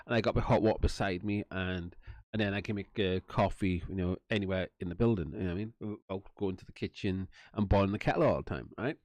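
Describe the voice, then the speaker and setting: A man's voice: sits low, fast talker, a little mellow, no room sound. Rambling, swearing Welsh man. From Wales. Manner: rambling, swearing, laughs often, acts out quotes. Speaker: channel host telling a story. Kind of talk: casual storytelling monologue.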